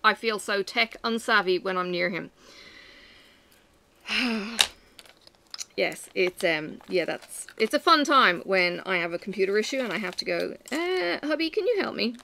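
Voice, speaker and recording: Chatty woman with a gravelly edge. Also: medium pitch, unhurried, pauses often, noisy background. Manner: chatty, animated, self-mocking. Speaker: vlogger. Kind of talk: casual chat to camera.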